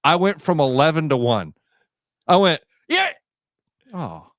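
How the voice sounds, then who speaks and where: Animated man telling stories on radio. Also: fairly high pitch, measured pace, no room sound, studio quality. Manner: animated storyteller, acts out quotes. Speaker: radio co-host. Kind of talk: casual morning radio banter.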